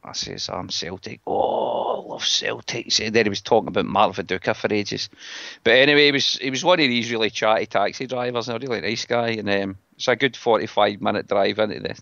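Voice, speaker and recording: A man's voice: on the low side, fast, vocal fry, a bit bright, no room sound. A middle-aged Scottish man hosting a casual podcast chat, talking bluntly and with scorn. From Scotland. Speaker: podcast host. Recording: dull lo-fi dry sound.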